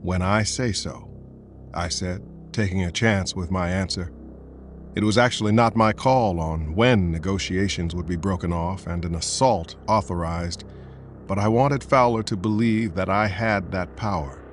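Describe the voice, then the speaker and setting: A man narrating a thriller audiobook in the first person, in a steady, measured way. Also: a little hiss or hum. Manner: steady, measured, low-key. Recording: soft music bed.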